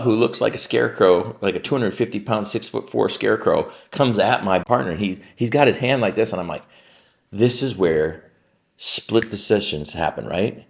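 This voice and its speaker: A man's voice: on the low side, normal speed, vocal fry. A man who owns a warehouse business, telling a story to camera in a casual way, full of "like" and "right?" and free swearing.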